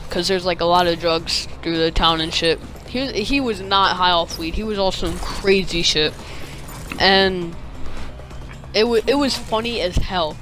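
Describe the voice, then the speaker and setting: Over gameplay, a man with a slight lisp from his retainer rambles through a casual story, using many fillers and swearing offhandedly as a gaming creator. His high, sharp voice comes through a low-quality recording.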